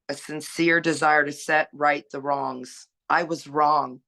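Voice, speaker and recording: A woman's voice: low voice, flat delivery, measured pace, few pauses, bright, forceful tone. A woman sharing her recovery story on a panel, earnest and exhorting, asking rhetorical questions. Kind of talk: personal sharing, preachy.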